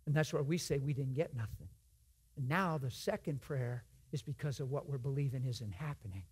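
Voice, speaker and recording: A man giving a sermon in a church, swinging from hushed whispers to loud shouted emphasis and acting out conversations in other voices. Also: mid-range voice, brisk, husky. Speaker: guest preacher.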